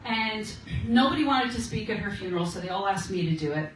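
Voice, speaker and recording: A woman's voice: medium pitch, lively intonation, a little fast, slight background noise. Chatty woman in her sixties, echoey room. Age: 60s. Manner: chatty storyteller, laughs often, asks "okay?". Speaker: guest speaker at a women's meeting. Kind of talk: casual encouraging talk. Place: meeting room. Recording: very echoey room, recorded from far off.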